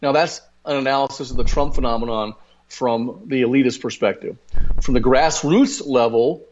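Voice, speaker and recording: A man's voice: medium pitch, normal speed, darkish tone, highs cut off, slight background noise. A man hosting a talk radio show, telling folksy stories and rambling into political commentary with many fillers. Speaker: radio host.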